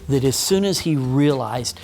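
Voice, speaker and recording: A man's voice: mid-range voice, expressive, unhurried, a little mellow. A man teaching children a Bible story, patient and mock-stern with a puppet that keeps interrupting.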